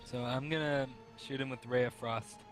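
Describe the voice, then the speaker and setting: A man playing a tabletop game, making quick, eager quips. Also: mid-range voice, steady tone, soft background music, rough recording. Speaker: player. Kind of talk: casual tabletop game play.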